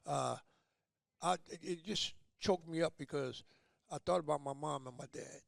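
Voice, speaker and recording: Older man, interview guest, gravelly, high-pitched, animated storyteller, dry close mic. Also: normal speed, no room sound. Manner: animated storyteller acting out quoted voices. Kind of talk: storytelling in conversation.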